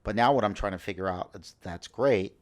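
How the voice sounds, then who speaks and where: A man's voice: lowish voice, a little fast. A man in his thirties chatting on a podcast, telling stories and acting out the dialogue in them. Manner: storytelling, acts out quoted dialogue. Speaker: comedian guest. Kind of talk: casual podcast chat.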